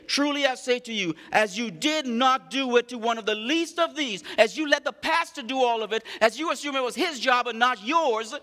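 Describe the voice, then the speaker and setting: Man, pastor, sermon, high voice, acts out the scripture, long hall reverb. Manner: animated preaching, acts out voices of the people in the story.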